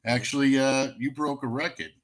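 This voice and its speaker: A man's voice: mid-range voice, fairly even intonation, moderate pace. A man co-hosting a casual livestream podcast, playful and encouraging, laughing easily. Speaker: podcast co-host.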